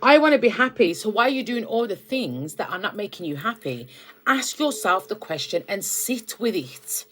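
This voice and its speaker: A woman's voice: mid-range voice, big pitch swings, normal speed, faint music behind. Chatty British woman giving a tarot reading. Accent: British English. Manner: chatty, keeps asking "all right?" and "okay?". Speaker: tarot reader. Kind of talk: spiritual reading, casual monologue to viewers.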